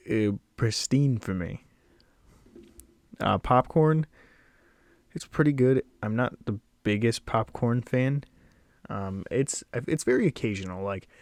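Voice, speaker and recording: A man's voice: medium pitch, darkish tone, dry recording. A young man chatting casually as he ranks snacks, a little out of breath, rambling with small laughs. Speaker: video creator ranking snacks. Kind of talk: casual tier-list commentary. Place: at home, sitting.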